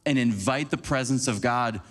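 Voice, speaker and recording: A man giving a conversational, animated sermon as a preacher, acting out little scenes for the congregation. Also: medium pitch, moderate pace. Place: church sanctuary. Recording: long church hall reverb.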